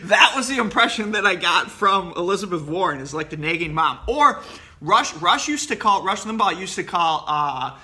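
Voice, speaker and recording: A man's voice: high-pitched, expressive, normal speed, sharp tone. A man giving blunt, opinionated political commentary to a class in a casual, rambling way, full of fillers and restarts. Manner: blunt, opinionated, laughs at his own jokes. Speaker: professor.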